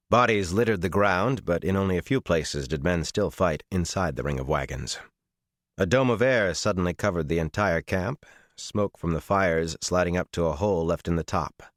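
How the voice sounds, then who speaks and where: Deep-voiced male audiobook narrator. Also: no echo, studio quality. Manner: measured, dramatic storytelling. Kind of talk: scripted fantasy audiobook narration.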